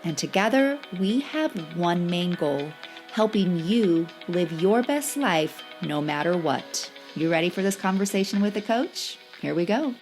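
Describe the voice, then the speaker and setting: A woman's voice: on the low side, expressive, a little slow, darkish tone, faint music behind. Sing-song female podcast host. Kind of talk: conversational podcast interview.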